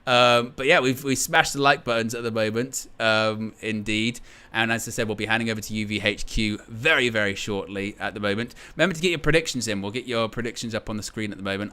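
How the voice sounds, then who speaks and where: Bloke doing a live match-day stream, bright punchy voice, rambly and sarcastic, laughs a lot. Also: male voice, lowish voice, clear, resonant tone. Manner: chatty, rambling, jokey and sarcastic, often laughing.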